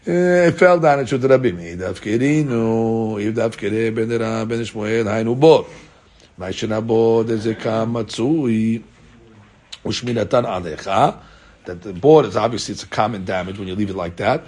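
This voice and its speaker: Husky man teaching a Talmud class. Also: on the low side, moderate pace, a little mellow. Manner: reads out Aramaic text and explains it in casual English; asks rhetorical questions, many filler "uh"s.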